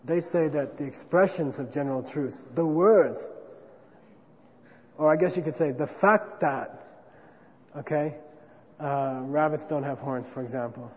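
Male teacher, fairly high voice, casual lecture, echoey hall with faint noise. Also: a little slow, pauses often, a little mellow. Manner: conversational, checks in with frequent 'okay?'. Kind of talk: classroom lecture on Buddhist philosophy. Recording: dull lo-fi sound with long reverb.

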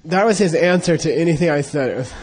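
A man's voice: fairly high pitch, fast talker, darkish tone, some chatter behind. A man telling a casual, rambling story with lots of fillers and frequent laughs. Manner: rambling, many fillers and restarts, laughs often.

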